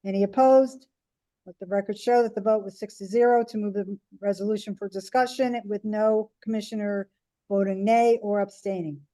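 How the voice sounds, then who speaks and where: Mellow-voiced woman chairing a meeting. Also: medium pitch, moderate pace. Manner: procedural, steady. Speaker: commission chair.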